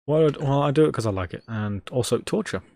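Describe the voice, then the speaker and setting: A man's voice: mid-range voice, expressive, fast talker, vocal fry, mellow, dry recording, clean studio sound. Exasperated man muttering at his computer. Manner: swears freely, jokey. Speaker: Linux livestreamer. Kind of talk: casual live-stream self-talk.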